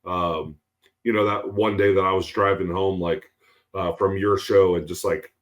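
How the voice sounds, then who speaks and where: Tired, rambling man with a low voice. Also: steady tone, moderate pace. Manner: rambling, many ums and you-knows, swearing. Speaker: podcast co-host. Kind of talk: casual chat.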